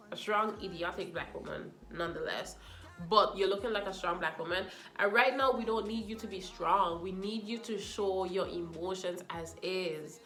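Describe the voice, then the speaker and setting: Woman, casual show review, sassy, animated, bright forceful voice, roomy echo. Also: mid-range voice. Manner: animated, sassy, talks to the cast directly.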